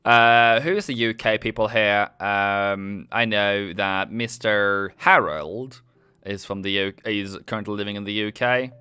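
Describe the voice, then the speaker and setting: A man's voice: lowish voice, steady tone, unhurried, sharp tone, smooth, dry recording. Live-stream host, man, Norwegian accent; casual, chatty, jokes with chat. Dry, close sound. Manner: joking, chatty, reads chat aloud.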